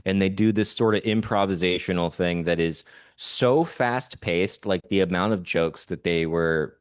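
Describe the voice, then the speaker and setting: A man with a low, deep voice chatting on a podcast, rambling with eager enthusiasm as he recounts an evening out. His delivery is loose and conversational, with plenty of restarts. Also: measured pace, smooth. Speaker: podcast co-host. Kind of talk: casual chat.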